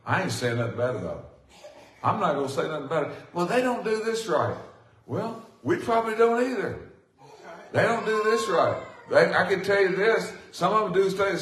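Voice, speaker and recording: Man, pastor, impassioned sermon, roomy echo, distant mic. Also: a little high. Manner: impassioned, rising to excited emphasis. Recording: echoey room from far off.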